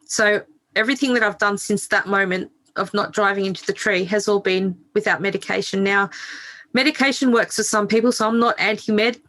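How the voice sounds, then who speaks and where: A woman's voice: medium pitch, fairly even intonation, a little fast, fairly bright tone. A middle-aged woman speaking as a podcast guest, telling her own story frankly and swearing freely. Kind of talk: candid interview storytelling.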